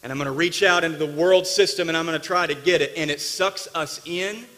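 A man preaching a sermon from the pulpit, emphatic and dramatic, dropping from loud bursts to hushed asides. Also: fairly high pitch, fairly quick, in a large hall. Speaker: pastor. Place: church sanctuary.

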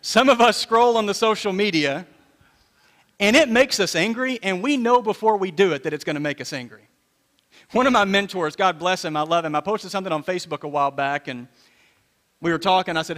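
A man's voice: sits high, normal speed, fairly bright tone. A man in his fifties, a pastor, preaching a sermon in a conversational, storytelling way with repeated phrases. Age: 50s. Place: church sanctuary. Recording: long reverb of a church hall.

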